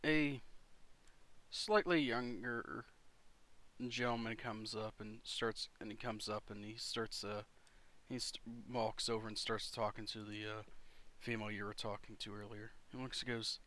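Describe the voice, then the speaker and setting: A man narrating a tabletop role-playing game as game master, relaxed and halting with many fillers. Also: on the low side.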